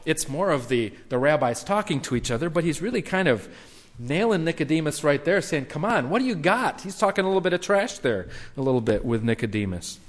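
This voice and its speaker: A man preaching a conversational sermon to a congregation, acting out quotes with lively energy. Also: fairly high pitch, fairly quick. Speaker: pastor. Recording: long reverb of a hall.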